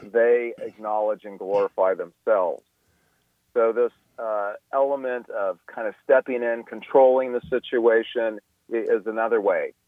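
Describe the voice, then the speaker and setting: A man's voice: fairly low pitch, fairly even intonation, measured pace, no room sound. Male guest expert on a tinny phone line, lots of restarts, dry sound. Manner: explanatory, with frequent restarts and fillers. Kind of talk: radio interview. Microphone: telephone.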